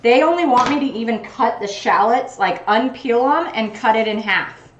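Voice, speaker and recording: A cooking streamer chats casually on a livestream, narrating her own actions as she chops in her home kitchen. Her voice is a little high and expressive at a moderate pace, and the sound is lo-fi and reverberant.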